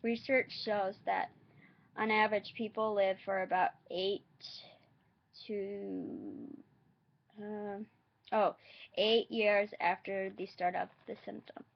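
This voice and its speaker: Woman vlogger, unhurried halting read, dull lo-fi sound. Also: mid-range voice, little pitch movement, creaky. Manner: halting, hesitant reading with asides. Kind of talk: reading facts aloud.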